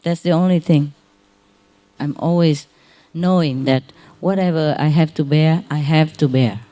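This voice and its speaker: Woman spiritual teacher, soft consoling talk, mellow low voice, halting non-native english. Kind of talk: informal spiritual talk to followers.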